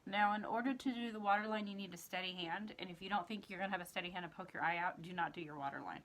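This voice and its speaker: A woman's voice: on the low side, rapid-fire, hardly any pauses, fairly bright tone. A woman hosting a makeup tutorial, talking casually through each step as she works, with her eyes watering. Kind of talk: casual how-to demonstration.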